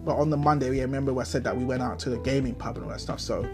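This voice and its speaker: A man's voice: mid-range voice, steady tone, racing, music in the background. A young man with a London accent hosting a solo podcast, telling a story as an indignant, slang-heavy rant full of rhetorical questions. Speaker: podcast host.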